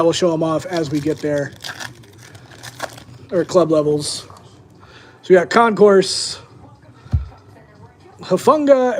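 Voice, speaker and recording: A man's voice: high-pitched, a little mellow. Chatty young man hosting a card break. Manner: casual, chatty, talks to viewers as "boys". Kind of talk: live-stream card break commentary.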